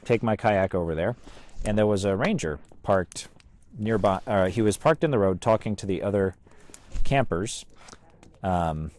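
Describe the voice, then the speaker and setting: A man casually telling a story about his outdoor research, halting and full of "uh" and "you know". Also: on the low side, a little mellow. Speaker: bigfoot researcher vlogger.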